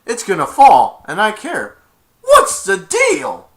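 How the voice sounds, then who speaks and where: A man voicing the Grinch, a grumpy green male creature, with loud, high exclamations. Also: huge pitch swings, takes it slowly, gravelly, full character voice. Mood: anguished.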